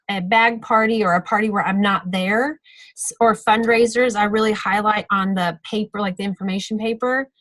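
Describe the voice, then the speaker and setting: A woman's voice: fairly high pitch, a bit bright, no echo, low-quality recording. A woman giving a casual, practical training talk on a video call, chatty and full of fillers and self-corrections. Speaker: sales team trainer.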